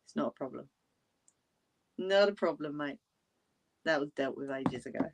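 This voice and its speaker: A woman's voice: low-pitched, moderate pace, a little hiss or hum. A woman chatting casually with livestream viewers, blunt and laughing often. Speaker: livestream host.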